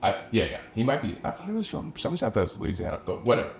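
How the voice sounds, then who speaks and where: A man's voice: lowish voice, sing-song, very fast, vocal fry. A young adult man, a musician guest, telling a long story in casual chat, rambling and swearing often with lots of filler words. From Austin area. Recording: echoey room, faint background ambience.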